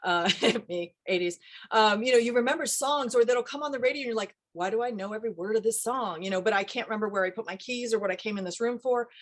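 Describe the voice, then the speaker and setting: A woman's voice: a little high, fast. A middle-aged woman, an accent coach, chatting in an interview and explaining with acted-out quotes, recorded over a video call. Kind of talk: casual interview chat.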